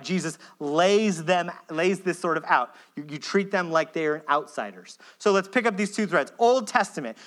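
Bright, earnest conversational preacher. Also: mid-range voice. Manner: conversational and earnest, pleading emphasis; frequent checking asides. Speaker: pastor. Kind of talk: sermon.

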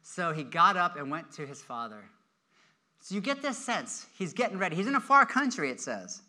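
A man preaching a sermon with a high, very bright voice. He tells the story with energy and acts out the characters' lines in changing voices. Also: moderate pace. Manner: animated storytelling, acting out quoted voices. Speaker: pastor.

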